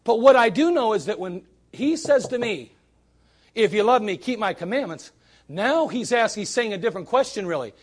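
A man with a notably high voice preaching at a church service. He presses his points with rhetorical questions and dry, sarcastic asides. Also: expressive, normal speed, slightly rough. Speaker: pastor. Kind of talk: sermon.

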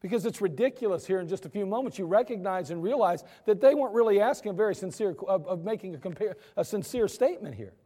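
A man preaching a sermon as pastor, in a chatty, animated storytelling way. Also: sits high, fast talker, hardly any pauses. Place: church sanctuary. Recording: long reverb of a church hall.

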